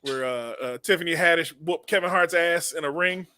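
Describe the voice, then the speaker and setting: A man's voice: on the high side, brisk, pushed and bright, no room sound, studio quality. Rambling, laughing man in his thirties. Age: 30s. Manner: rambling, laughs often, repeats words. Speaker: podcast co-host. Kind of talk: casual comedic chat.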